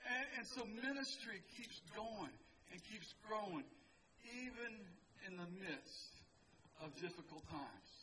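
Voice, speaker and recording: A man's voice: high voice, lively intonation, a little slow. A man preaching to a picnic crowd at a park, talking in a loose, conversational way with joking asides to his listeners. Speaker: pastor. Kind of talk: outdoor sermon. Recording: distant mic with crowd noise.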